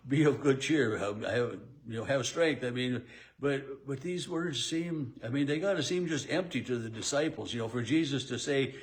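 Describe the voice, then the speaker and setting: A man's voice: mid-range voice, moderate pace. A male pastor giving a daily devotional Bible talk in a conversational way, with frequent fillers and restarts.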